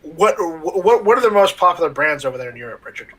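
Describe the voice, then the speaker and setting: A man's voice: a little high, lively intonation, a little fast, a bit bright, husky. A man co-hosting a casual livestream with dry, teasing banter. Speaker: co-host.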